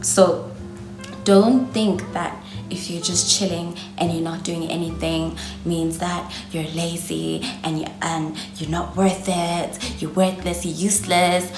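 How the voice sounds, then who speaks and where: Brief: twenties South African woman vlogger, South African accent, chatty and encouraging, lowish voice, echoey room, faint music. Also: flat delivery, takes it slowly. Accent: South African English. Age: 20s. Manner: chatty, encouraging, calls viewers darling. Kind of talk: casual advice talk to camera.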